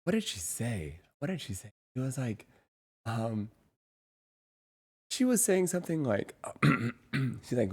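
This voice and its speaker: A man streamer chatting casually to his viewers, rambling and halting, with lots of fillers and restarts. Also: fairly low pitch, animated, darkish tone, slightly rough. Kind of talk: casual live-stream chat.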